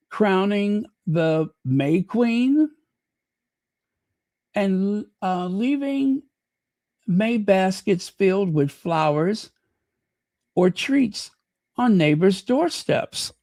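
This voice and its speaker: A man's voice: high voice, animated, extremely slow, long pauses, warm tone, no echo, studio quality. A man hosting his channel, chatting casually with ironic asides and frequent ums. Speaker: channel host. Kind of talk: casual commentary reading from the web.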